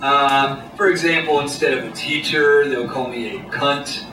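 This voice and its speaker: A man doing a stand-up comedy set on a small club stage, with a deadpan, halting delivery full of pauses. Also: medium pitch. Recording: echoey room, distant mic, noisy. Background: audience laughter.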